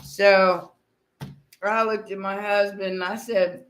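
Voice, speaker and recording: A woman's voice: mid-range voice, level tone, slow. A middle-aged woman hosting a livestream, chatting casually with viewers, telling bawdy stories and laughing often. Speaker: livestream host.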